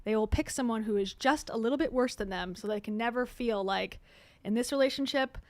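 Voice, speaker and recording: A woman hosts casual reaction commentary in a sarcastic, chatty way, laughing often. Her voice sits a little high, and the recording is dry and close, with no room sound. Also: brisk, a little mellow, no room sound. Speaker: commentary channel host.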